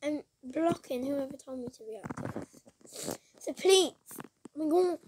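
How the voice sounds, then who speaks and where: A woman's voice: high voice, expressive, unhurried, a little mellow, a little hiss or hum. A woman hosting a reaction video, talking in a dramatic, exclaiming and outraged way. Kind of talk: reaction commentary. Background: music playing.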